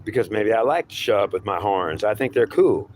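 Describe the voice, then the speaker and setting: A man's voice: on the low side, animated, brisk, darkish tone, a little hiss or hum, natural voice. A man voicing a menacing male devil who claims to be god, taunting and threatening, calling the listener boy, in an improvised two-voice monologue.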